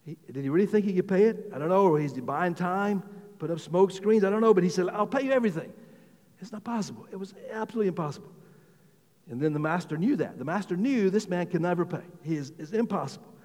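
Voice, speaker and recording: High-voiced preacher in a reverberant hall. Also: male voice, animated, fast talker, darkish tone. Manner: conversational preaching with frequent restarts and repeated words; rises in pitch and volume when exclaiming. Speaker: pastor. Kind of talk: sermon.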